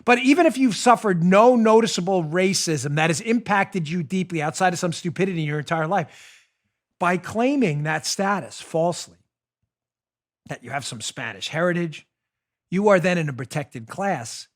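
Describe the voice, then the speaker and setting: Animated high-voiced male commentary host. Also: moderate pace. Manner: animated, mocking, rant-like. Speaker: show host. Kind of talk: political commentary.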